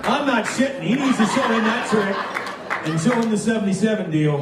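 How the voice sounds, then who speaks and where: A man running a live charity auction, joking with the crowd and calling bids quickly. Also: high-pitched, lively intonation, very noisy. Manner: joking, chatty, rapid bid calling. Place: large banquet hall. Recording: very echoey, distant from mic.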